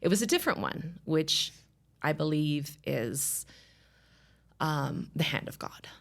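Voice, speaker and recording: A woman's voice: low voice, lively intonation, slow pace, creaky. A woman in her thirties giving an emotional personal testimony, storytelling with animation and acting out the voices of others. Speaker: guest sharing her story.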